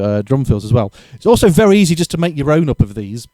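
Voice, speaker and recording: A man's voice: medium pitch, sing-song, quick pace, over loud music. A man giving a casual drum lesson, thinking aloud and correcting himself as he explains exercises. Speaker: drum teacher.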